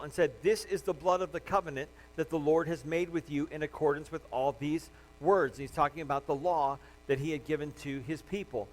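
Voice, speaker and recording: Man, pastor, sermon, higher-pitched voice, earnest, emphatic swells, reads scripture. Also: rough recording. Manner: earnest, rising to loud emphatic passages; frequent fillers and restarts, reading scripture aloud.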